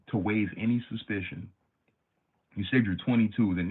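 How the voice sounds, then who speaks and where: Brief: lower-pitched male streamer, slangy and animated, tinny phone-like audio. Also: moderate pace, long pauses, slightly rough. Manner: animated, slangy, many fillers. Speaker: livestream host. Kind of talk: casual livestream storytelling.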